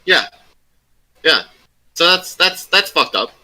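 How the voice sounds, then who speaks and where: Bright-voiced young man telling a profane story. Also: fairly high pitch, very animated, slow pace, low-quality recording. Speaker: podcast guest. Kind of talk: casual chat, storytelling.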